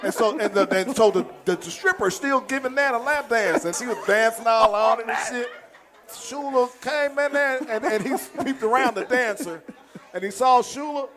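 A man with a fairly high voice tells old locker-room stories in a loose, casual chat. He laughs often through his words. He slips into a coach's shouting when he quotes him. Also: moderate pace. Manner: animated storyteller, laughs often, acts out a coach's outbursts. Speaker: former football player guest.

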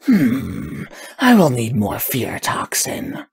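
A man voicing a cold, calculating male villain in a hushed, menacing manner for an audio fan fiction reading. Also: medium pitch, wildly swooping pitch, slow pace, vocal fry, breathy edge, no echo, full character voice. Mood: sinister.

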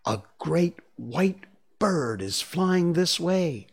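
A man voicing an awestruck young lost boy who speaks in a hushed, wondering way. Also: fairly low pitch, very animated, slow, breathy edge, exaggerated voice.

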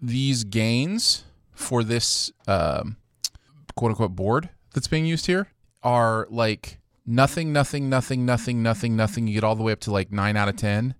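A man's voice: mid-range voice, a little slow, clean tone, no echo. A man hosting a podcast in casual chat, chatty and self-deprecating, often laughing. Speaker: podcast host.

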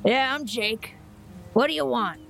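A woman's voice: on the high side, measured pace, creaky, fairly bright tone, a little hiss or hum, pitched above the performer's own voice. A woman voicing a wary older male farmer with a thick Southern accent, curt and suspicious. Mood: gruff.

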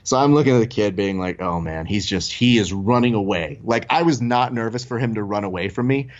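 A man's voice: on the low side, brisk, dull audio. A young adult man telling a story in casual chat, acting out the voices of the people in it. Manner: animated, acts out quoted voices. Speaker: podcast host telling a story.

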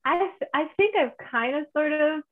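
A woman from northern New Mexico chatting casually, rambling with many restarts and lively quoting. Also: high voice, moderate pace. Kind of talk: casual conversation. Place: home in Santa Fe. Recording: phone-like video call audio.

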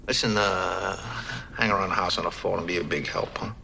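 An actor playing a hot-tempered mob boss's eldest son in a 1970s film drama, blunt and commanding. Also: male voice, low-pitched, fairly even intonation, fairly quick, creaky, background noise.

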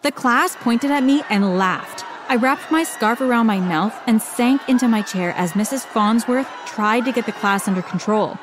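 A woman's voice: a little high, moderate pace, hardly any pauses, background noise. Woman narrating a dramatic first-person story.

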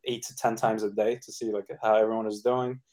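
A man in a casual podcast interview, speaking in a relaxed, upbeat way with lots of "uh" and "like". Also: fairly low pitch, fairly quick. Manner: relaxed, filler-heavy, upbeat. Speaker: NFT project co-founder guest.

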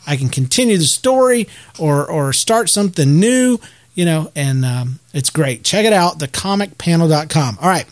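Chatty man, slightly high voice. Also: animated, moderate pace. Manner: rambling, self-deprecating, many restarts. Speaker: podcast host. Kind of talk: casual solo podcast chat.

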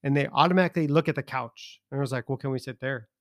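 A man's voice: medium pitch, rapid-fire, no room sound, studio quality. A man co-hosting a podcast, talking in a laid-back, hesitant way. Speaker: podcast co-host. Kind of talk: casual chat.

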